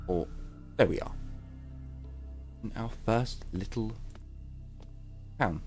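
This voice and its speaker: A man's voice: fairly low pitch, slow pace, pauses often, a little mellow, soft background music. A gaming YouTuber, a man, chatting casually and reading game text aloud during a let's play. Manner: casual, rambling, jokey asides.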